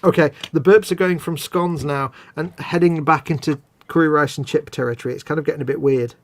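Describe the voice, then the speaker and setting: Man, casual gameplay chat, jokey, talks fast. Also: fairly high pitch. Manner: rambling, jokey, animated.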